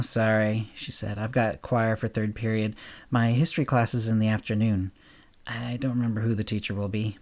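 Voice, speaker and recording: A lower-voiced man hosts and reads a short story aloud. He raises his pitch and energy for the two schoolgirls' lines, then sinks to a soft, quiet telling for the narration. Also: steady tone, normal speed, gravelly. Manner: lifts his voice for the girls' dialogue, drops low and quiet on narration. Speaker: podcast host and narrator. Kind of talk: scripted story narration with character dialogue.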